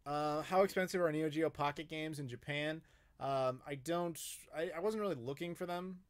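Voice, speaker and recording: Man, American accent, casual live Q&A, rambling, profane, fairly high voice. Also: normal speed. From United States. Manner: rambling, profane, with frequent fillers and restarts. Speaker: YouTube host answering live chat questions.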